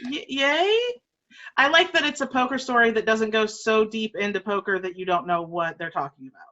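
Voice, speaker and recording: A woman's voice: fairly high pitch, moderate pace, pushed and bright. A woman co-hosting a streamed storytelling show, talking in a friendly, conversational way. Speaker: show host. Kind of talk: casual chat on a streamed show. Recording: dull lo-fi audio.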